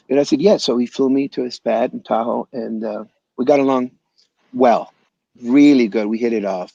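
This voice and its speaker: A man being interviewed as a guest musician over a video call, telling animated stories in a loose, slangy way and calling people "man" and "bro". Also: medium pitch, normal speed, gravelly, no room sound, dull audio. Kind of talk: casual storytelling interview. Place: home in Los Angeles area.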